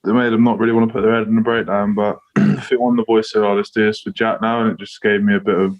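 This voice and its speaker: A man's voice: fairly low pitch, flat delivery, fast, highs cut off. A man, a rugby player guest, talking bluntly and swearing freely in a casual podcast chat.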